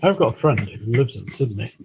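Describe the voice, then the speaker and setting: Gravelly British man chatting while he works. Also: mid-range voice, very animated, brisk, slight background noise, rough recording. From United Kingdom. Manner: chatty and rambling, thinking aloud. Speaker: livestream host. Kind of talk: casual live-stream chat while working. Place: workshop with a balloon printing machine.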